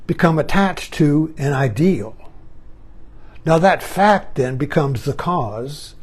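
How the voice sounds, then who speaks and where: Older guy rambling slowly, kinda husky, repeats himself a lot, voice goes up and down. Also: fairly high pitch. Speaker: online talk host. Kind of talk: reflective monologue.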